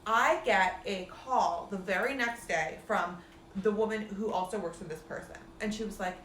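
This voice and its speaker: A woman's voice: medium pitch, normal speed, fairly bright tone, slight background noise. A woman life coach giving a casual spiritual pep talk, chatty and profane, full of "like" and calling her listeners "cuties". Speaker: life coach and meditation guide. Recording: roomy echo.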